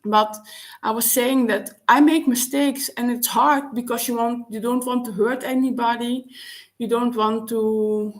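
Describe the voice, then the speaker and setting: Halting woman, slightly high. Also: fairly even intonation. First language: Dutch. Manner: halting, searching for words with frequent restarts. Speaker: vlogger. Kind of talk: personal reflective monologue.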